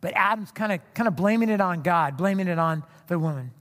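A man preaching a sermon in a conversational, animated way, with rhetorical asides to the congregation. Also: high voice, fairly quick. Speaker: pastor. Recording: long hall reverb.

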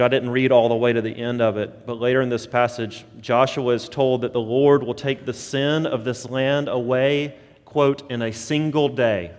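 A man's voice: mid-range voice, long reverb tail. A man preaching a sermon as pastor, earnest and building to emphatic points.

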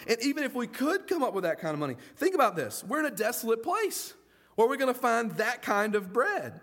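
Preaching with folksy energy, this male pastor often slips into the voices of the people he describes. He speaks at a moderate pace with a high-pitched voice.

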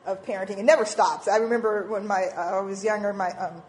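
A woman in her forties giving an informal church talk on parenting, animated and acting out little quoted voices. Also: mid-range voice, fast, slight background noise, poor audio. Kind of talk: informal sermon talk with slides.

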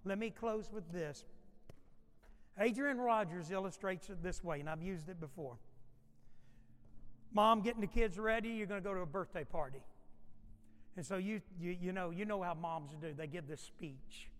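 A male pastor preaching a sermon in a church sanctuary. He is emphatic and repetitive, and he sometimes drops to a soft, quiet voice. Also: high-pitched, moderate pace, pauses often, big-room sound.

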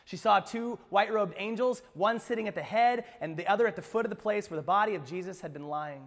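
A man pastor preaching an Easter sermon, expressive, swinging from hushed lines to emphatic ones with playful asides. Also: high-pitched, quick pace, big-room sound. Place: church sanctuary.

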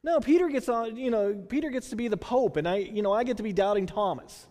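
A man from Texas with a Texan accent preaching a sermon, conversational and animated, full of rhetorical questions. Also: high-pitched, fast. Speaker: pastor. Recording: long hall reverb.

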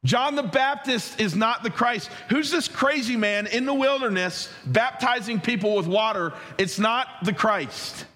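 A man preaching a sermon as pastor, animated, asking the listeners questions and swinging his voice up and down for emphasis. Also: high voice, unhurried, few pauses. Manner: animated, rising and dropping for emphasis, asks the congregation questions.

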